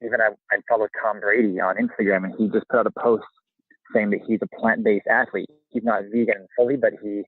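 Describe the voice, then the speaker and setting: A man in his thirties rambles eagerly through a casual interview while sitting outside by a campfire in the freezing cold, his voice a bit shaky from the chill. His voice is on the low side and sounds husky. The whole thing comes through a thin, tinny, phone-like line. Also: a little fast, no room sound. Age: 30s. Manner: rambling, energetic, with fillers. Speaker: guest. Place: outdoors by a campfire in freezing weather.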